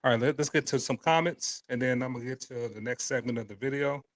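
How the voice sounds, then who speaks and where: Male host, mid-pitched, halting and casual, stumbles and restarts. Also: slight background noise. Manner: halting, restarts often, chuckles between points. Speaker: show host. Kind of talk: casual panel talk reading chat comments.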